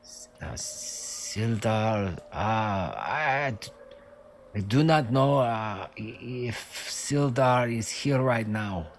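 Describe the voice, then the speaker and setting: A man's voice: fairly low pitch, lively intonation, slow, slight background noise. A man voicing a nervous captured cultist guard who stammers and hedges every answer in a tabletop game. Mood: nervous, evasive. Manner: stammering, hesitant, evasive. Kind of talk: tabletop role-play voice.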